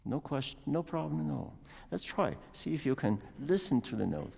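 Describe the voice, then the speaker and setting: Male piano teacher, low gravelly voice with an animated delivery, giving a master class in a reverberant concert hall. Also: normal speed, hardly any pauses, slight background noise. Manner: sings rhythms aloud and explains patiently.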